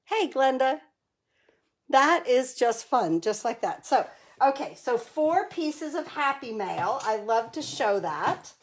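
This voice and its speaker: A woman's voice: high-pitched, big pitch swings, slow pace. A middle-aged woman from New Jersey hosting a casual live card-making tutorial, chatty and enthusiastic, greeting viewers by name.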